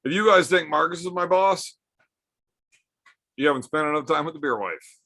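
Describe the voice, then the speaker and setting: A man's voice: on the high side, normal speed, pushed and bright. A man hosting a casual livestream from home, bantering with chat in a joking, profane way. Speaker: livestream host.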